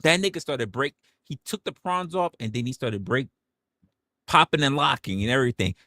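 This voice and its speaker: A man's voice: medium pitch, animated, normal speed, sharp tone, no room sound, studio quality. A man hosting a livestream, talking in a casual rant full of rhetorical questions, profanity and stammered restarts. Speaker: livestream host.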